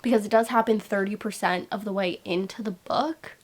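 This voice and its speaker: A young adult woman chatting casually in a book vlog, gushing and excitable and saying "like" a lot. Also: mid-range voice, fairly quick. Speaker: book vlogger. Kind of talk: casual reading vlog chat.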